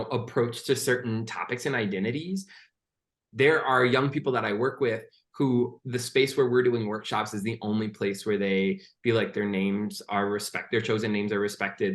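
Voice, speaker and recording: A man speaking earnestly on a conference panel about youth and art, with many fillers and restarts. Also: fairly low pitch. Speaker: panelist, poet and youth arts worker. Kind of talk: panel discussion.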